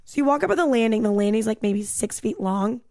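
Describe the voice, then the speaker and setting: A woman's voice: on the high side, no echo, clean studio sound. Chatty young woman telling a story. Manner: animated, fast storytelling with lots of "like" and swearing. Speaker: podcast co-host telling a story. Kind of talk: casual storytelling chat.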